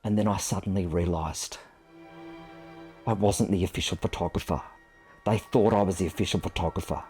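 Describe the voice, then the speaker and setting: A man's voice: low-pitched, moderate pace, darkish tone, soft background music. A man in his fifties, a photographer, telling a personal story to camera in a reflective, self-deprecating way.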